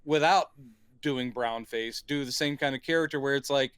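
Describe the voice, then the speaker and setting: A man's voice: mid-range voice, normal speed, fairly bright tone, clear, resonant tone, dry recording. A man co-hosting a podcast who discusses a film casually and thoughtfully, often qualifying his points. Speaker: podcast co-host.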